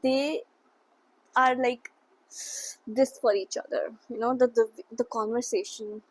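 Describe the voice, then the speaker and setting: A young woman chatting about a book in a casual reading vlog from a quiet room at home, emotional and gushing. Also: on the high side, steady tone, measured pace. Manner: emotional, gushing, reads quotes aloud with feeling. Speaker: book vlogger.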